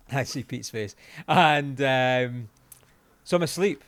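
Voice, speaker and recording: A Scottish man in his forties, a podcast co-host telling a long anecdote in casual chat, animated and sweary, laughing as he goes. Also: medium pitch, takes it slowly, no echo. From Scotland.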